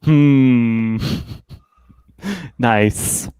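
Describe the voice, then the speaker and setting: A man narrating as game master of a tabletop game, speaking haltingly with many fillers and restarts. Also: mid-range voice, lively intonation, warm tone, clear, resonant tone, dry recording, poor audio.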